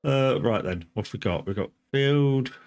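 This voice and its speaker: A man live-streams a farming game and chats to viewers in casual commentary, rambling, swearing and often restarting his sentences. His voice is mid-range and expressive, with a darkish tone and normal speed.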